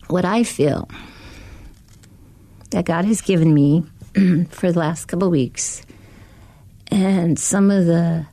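A woman's voice: on the low side, dark tone, no echo. A woman who co-hosts a ministry show and leads women's groups, giving an earnest devotional talk. She repeats phrases for emphasis and asks many rhetorical questions.

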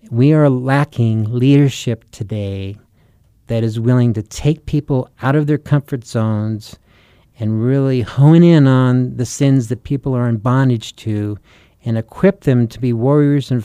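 Earnest man preaching, warm smooth voice. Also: medium pitch, unhurried, no echo, studio quality. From United States. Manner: earnest and urgent, rhetorical questions. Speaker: Christian author and preacher. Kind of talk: sermon-style teaching.

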